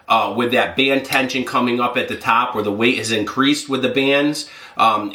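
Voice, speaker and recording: A man's voice: medium pitch, pushed and bright, roomy sound. A man hosting a fitness vlog, chatting casually and rambling with lots of fillers while he eats. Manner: rambling, filler-heavy, talks with mouth full. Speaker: fitness channel host.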